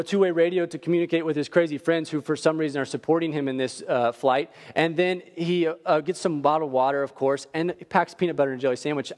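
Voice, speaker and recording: Casting: high-pitched male preacher, animated storyteller, long hall reverb. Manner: animated storyteller, swings from quiet to near-shouting. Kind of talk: sermon with storytelling.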